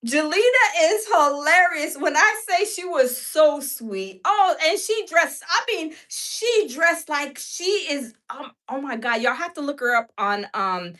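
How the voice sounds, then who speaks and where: A woman hosting a casual livestream, animated and laughing often as she talks to her viewers. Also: high-pitched, unhurried, hardly any pauses. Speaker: livestream host.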